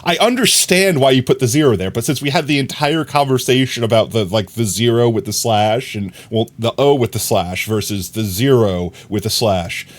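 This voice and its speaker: A man with a medium-pitched voice chats casually on a live stream at normal speed, with few pauses. He rambles, laughs along the way, and reads his viewers' messages out loud.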